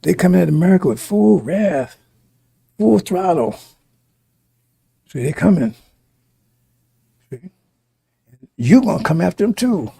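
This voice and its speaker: A man's voice: high voice, vocal fry, mellow, slightly rough. A man preaching a sermon in an emphatic, repetitive way, often turning to ask his listeners if they understand.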